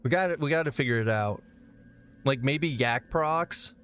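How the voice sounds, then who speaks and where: A man's voice: medium pitch, moderate pace, smooth. A man streaming a game live, chatting casually with his chat, rambling and swearing as he plays. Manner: profane, animated, rambling.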